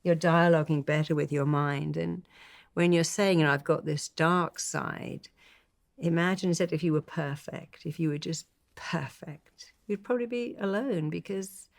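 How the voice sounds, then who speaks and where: An older woman speaking as a therapist guest in an interview, with a gravelly edge to her low-ish voice. She tells stories animatedly and slips into the voices of the people she quotes. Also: moderate pace. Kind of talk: conversational interview.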